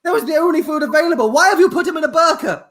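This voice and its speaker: Man doing a frantic shrill mother. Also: animated, very fast. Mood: defensive. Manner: shouting, frantic. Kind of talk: improvised comedy scene.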